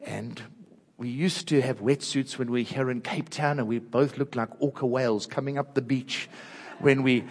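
An older man with a South African accent, preaching an earnest sermon through personal stories and dropping soft and low at tender moments. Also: steady tone, moderate pace, breathy edge. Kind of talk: storytelling sermon. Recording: long hall reverb.

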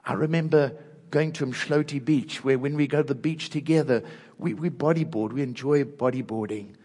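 An older man with a South African accent, preaching an earnest sermon through personal stories and dropping soft and low at tender moments. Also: normal speed. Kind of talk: storytelling sermon. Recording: long hall reverb.

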